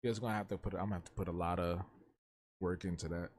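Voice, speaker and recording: A man's voice: low-pitched, fairly even intonation, very fast, darkish tone, no echo. A young man hosting a live drawing stream, chatting loosely in slang and answering his chat. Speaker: livestreaming artist.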